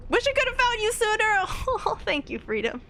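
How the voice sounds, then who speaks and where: Brief: young adult woman streamer, casual chat, giggly and rambling, high lively voice. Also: fairly quick, soft background music. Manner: chatty, giggly, rambling with restarts.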